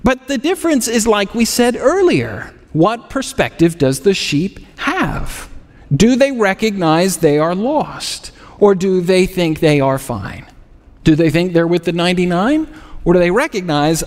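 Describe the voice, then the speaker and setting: A man with a high voice preaches to his congregation, earnest and now and then dryly sarcastic. His voice rings out with a long reverb, as in a large church hall. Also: lively intonation, unhurried. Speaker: pastor. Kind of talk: sermon.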